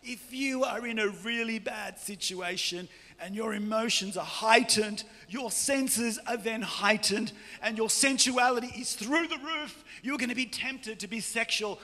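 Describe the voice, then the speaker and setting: High-voiced joking Australian preacher. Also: male voice. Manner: joking, animated, often shouting. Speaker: pastor. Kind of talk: lively preaching sermon. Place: large church hall. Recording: long church hall reverb.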